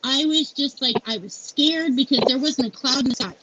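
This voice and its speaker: Speaking at a normal speed in a high-sitting voice, this middle-aged founder and CEO tells a heartfelt personal story as an interview guest. She's candid and leans on lots of "like" and "you know." The audio is dull and lo-fi, with a faint layer of noise.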